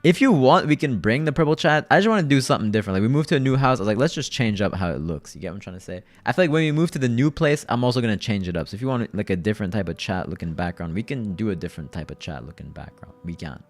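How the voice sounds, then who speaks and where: A man's voice: fairly low pitch, lively intonation, very fast, few pauses. A man hosting a livestream, chatting casually with viewers in loose slang and often repeating his phrases. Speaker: livestream host.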